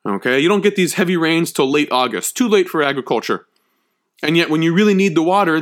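A man's voice: on the high side, a bit bright. A man giving a history lecture, emphatic and conversational, checking in often with his listeners. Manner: emphatic, checks in with frequent "okay?".

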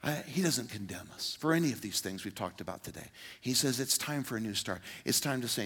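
A man's voice: lowish voice, big pitch swings, fairly quick, a bit bright, husky. An older man preaching a sermon as pastor, earnest and pleading, with sudden emphatic outbursts.

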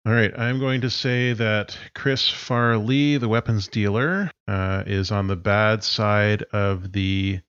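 A low-voiced man runs a tabletop game, explaining rules in a calm, matter-of-fact way. The sound is dry and a bit dull, as on a modest home microphone. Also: slow pace, hardly any pauses, clear, resonant tone, no echo. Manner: relaxed, explains rules plainly. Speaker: game master.

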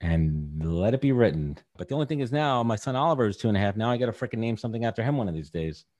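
Brief: low-pitched man, 30s, quick rambling guest talk, candid. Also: lively intonation, darkish tone. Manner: rambling, candid, lots of fillers. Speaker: podcast guest. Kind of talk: casual podcast chat.

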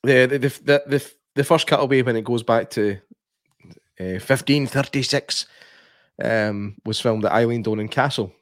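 Scottish male podcast co-host, casual and chatty, mid pitch, dry close sound. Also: moderate pace, no echo. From Scotland. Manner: chatty, laughs often, many fillers and restarts. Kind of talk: casual film chat.

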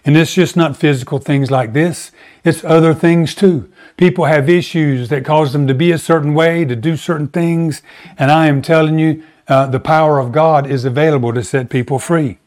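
A man's voice: fairly even intonation, normal speed, darkish tone. Emphatic, conversational preacher man. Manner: conversational, emphatic preaching with sudden pitch rises. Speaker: pastor. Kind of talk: sermon.

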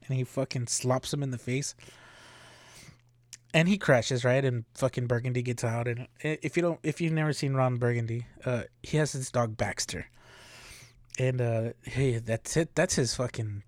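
A man's voice: medium pitch, normal speed, no echo. A man hosting a podcast alone, rambling casually with heavy swearing and frequent laughter. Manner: rambling, profane, laughing often. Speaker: podcast host. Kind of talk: casual solo commentary.

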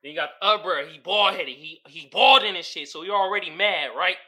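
A man's voice: sits high, quick pace, pushed and bright. A man hosting a podcast, riffing casually on memes with profane slang and frequent laughter. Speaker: podcast host. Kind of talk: casual comedic commentary on memes.

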